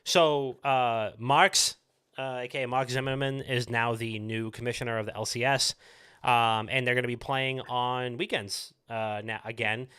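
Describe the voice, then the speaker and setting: A man's voice: medium pitch, fairly even intonation, normal speed, bright, forceful tone, clean tone. Rambling, casual male podcast host. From United States. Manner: rambling, heavy filler words, swears casually. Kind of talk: casual chat.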